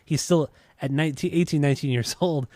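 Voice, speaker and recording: A man's voice: on the high side, quick pace, warm tone, dry recording. A man co-hosting a podcast, chatting casually about music in a laid-back, teasing way. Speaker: podcast co-host.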